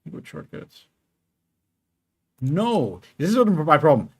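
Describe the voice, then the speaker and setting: A man's voice: on the high side, sing-song, slow pace, gravelly, slightly rough. A man streaming his game development work, chatting casually and thinking aloud with many fillers. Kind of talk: casual live coding stream.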